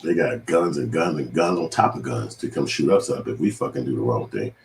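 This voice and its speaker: A man's voice: extremely low pitch, expressive, a little fast, creaky, darkish tone, echoey room. A man giving heated, profane commentary on the news, talking in an impassioned rant.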